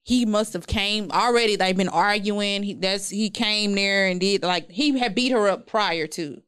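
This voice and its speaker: A woman co-host with a smooth, clear voice, recorded close and dry. She introduces topics and presses the others with direct questions in casual talk. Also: medium pitch, unhurried, a bit bright, no echo. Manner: leads topics, asks pointed questions. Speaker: podcast co-host. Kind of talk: casual chat.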